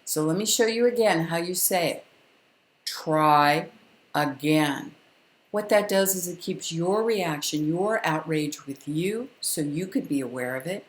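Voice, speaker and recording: Older lady giving a parenting lesson, calm and firm, lowish voice, echoey room. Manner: calm, firm and instructive, with deliberate pauses. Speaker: parenting educator. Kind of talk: direct-to-camera parenting lesson.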